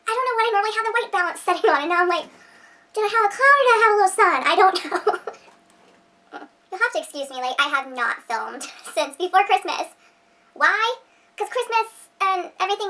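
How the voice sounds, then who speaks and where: A woman's voice: extremely high pitch, a bit bright, recorded from a distance. A woman vlogger rambling in home outtakes, giggling and poking fun at herself, a little off-mic at home. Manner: giggly, rambling, self-deprecating. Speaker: beauty vlogger. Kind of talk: rambling outtake chatter to camera. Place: room at home.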